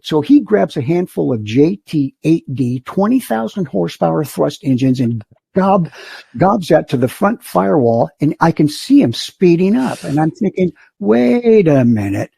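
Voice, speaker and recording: A man's voice: fairly high pitch, gravelly, breathy edge, no room sound. An older man, a flight instructor, telling stories as a podcast guest and acting out the voices of the people in them. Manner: animated storyteller, acts out the voices of others. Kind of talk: storytelling in a podcast interview.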